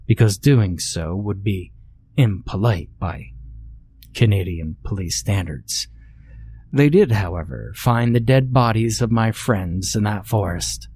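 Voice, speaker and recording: Male horror storyteller, husky and slow, deadpan delivery. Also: lowish voice. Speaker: narrator.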